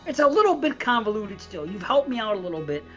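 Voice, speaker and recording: A woman's voice: mid-range voice, big pitch swings, fast talker, dull audio, soft background music. A woman co-hosting a podcast in casual chat, blunt and swearing freely, laughing often. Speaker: podcast co-host.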